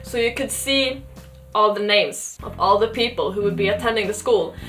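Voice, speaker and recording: A woman's voice: mid-range voice, moderate pace, soft background music. A young woman from Sweden, a podcast co-host, telling stories in casual chat with frequent giggles. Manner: giggly, lively storyteller.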